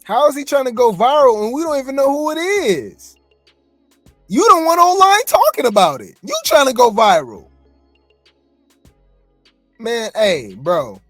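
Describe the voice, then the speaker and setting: A gossip commentary host reacts to a clip, sounding fed up and sarcastic. The pitch swoops up and down a lot. The recording is dry, with faint music underneath. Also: sing-song, a little slow, pauses often, fairly bright tone, no echo. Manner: exasperated, sarcastic.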